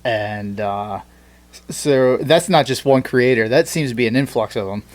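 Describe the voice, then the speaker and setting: A man's voice: medium pitch, normal speed, slight background noise. A man hosting a casual podcast chat, telling loose stories with many fillers and restarts. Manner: rambling, filler-heavy storytelling. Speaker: podcast host.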